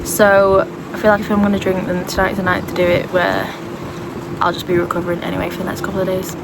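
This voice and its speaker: A woman's voice: on the low side, completely flat delivery, fast, heavy background noise. A woman with a stuffy, congested voice from a cold, chatting casually at home in a rambling vlog. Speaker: triathlete vlogger. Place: at home indoors. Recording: roomy echo.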